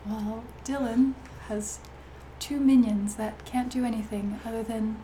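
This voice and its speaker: A woman's voice: a little high, steady tone, unhurried, warm tone, roomy sound, a little hiss or hum, poor audio. A woman hosting a live tabletop game stream, explaining the board and joking with the players between laughs. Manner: laughs often, teasing. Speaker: stream host.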